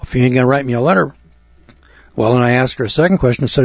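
Man, husky voice, cocky folksy rant, dull dry recording. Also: medium pitch, rapid-fire, no echo. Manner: cocky, ranting, mimics others in quotes. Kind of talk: folksy storytelling monologue.

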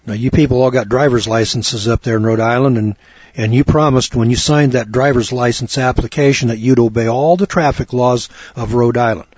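A man's voice: medium pitch, a little fast, a little mellow, slightly rough, no echo. A man preaching a folksy sermon on scripture, wry and full of rhetorical questions. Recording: dull lo-fi recording.

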